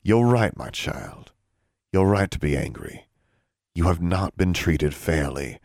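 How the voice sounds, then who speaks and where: Man doing a middle-aged wizard father, gentle and measured, deep gravelly tone, dry close sound. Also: expressive, no room sound, full character voice. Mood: gentle, calm. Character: soft-spoken feared middle-aged male wizard father.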